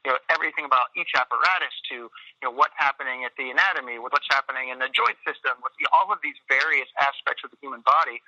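A man's voice: medium pitch, fast talker, sharp tone, no room sound, lo-fi sound. A man in his thirties telling his story in a casual interview, rambling with many fillers and restarts. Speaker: interview guest, Pilates studio owner.

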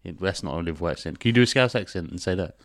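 Male podcast co-host, laid-back rambling storyteller, swears, low voice. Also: lively intonation, racing, no room sound, studio quality. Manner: rambling, jokey plot recap with swearing. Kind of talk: casual comedic chat.

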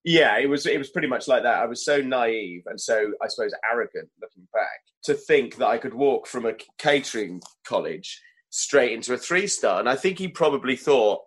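A man's voice: mid-range voice, lively intonation, moderate pace, slightly rough, rough recording. Man telling kitchen anecdotes. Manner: anecdotal, self-deprecating, laughs at his own stories. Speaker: chef, interview guest. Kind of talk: relaxed storytelling in conversation.

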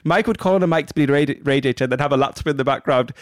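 Man co-hosting a chatty podcast. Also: mid-range voice. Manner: teasing, quick asides. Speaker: podcast co-host. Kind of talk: casual chat, reading listener letters.

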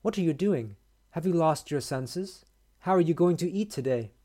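A man's voice: fairly high pitch, brisk, a little mellow, close to an everyday voice. A man reading the lines of a blunt male companion who scolds his friend in a short story. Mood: scolding. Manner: exasperated, scolding.

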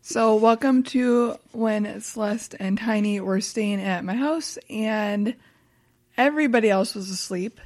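A woman chimes in on a relaxed family chat as the aunt. Her humor is dry and teasing. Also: medium pitch, a little slow.

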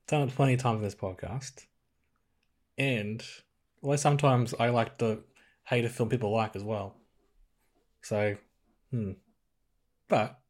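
A man on a film podcast speaks at a middle pitch. He makes his case in a halting, hesitant way, restarting his sentences as he goes. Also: a little mellow. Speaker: podcast co-host. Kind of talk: casual film review chat.

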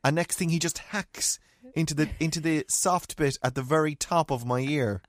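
An Irish man in casual chat, telling a story with lively acted-out quotes and frequent laughs. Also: on the high side, moderate pace, dry recording, studio quality. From Ireland. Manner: animated, acts out quotes, laughs often.

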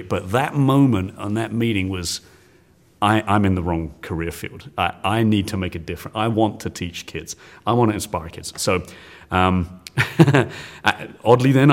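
A man in his forties from the United Kingdom, a science teacher telling stories as a guest in an interview, animated and laughing often. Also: lowish voice. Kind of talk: storytelling in an interview.

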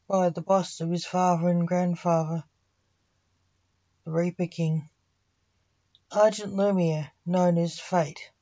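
A woman narrates a story at an unhurried, slow pace, her voice low and mellow. She keeps an even storytelling manner throughout, and the recording sounds dull and lo-fi.

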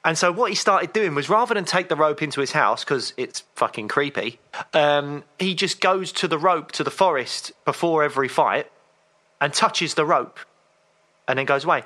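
A man with a bright, clear voice, telling a story at an easy chatty pace. His voice sits a little high for a man. He speaks casually as a podcast co-host. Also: moderate pace. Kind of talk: casual chat.

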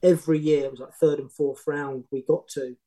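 A middle-aged man with a mellow, warm voice sitting a little high for a man. He tells his stories in a loose, animated way, full of restarts and asides. His tone is that of a relaxed podcast guest. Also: fairly quick, poor audio. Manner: animated, rambling anecdotes with many restarts. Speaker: former football manager, podcast guest. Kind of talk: casual storytelling.

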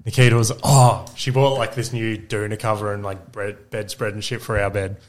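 A man's voice: on the low side, moderate pace. An Australian man, a podcast co-host and dad, telling loose, sweary stories in casual chat. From Queensland, Australia. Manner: animated anecdotes, swears freely.

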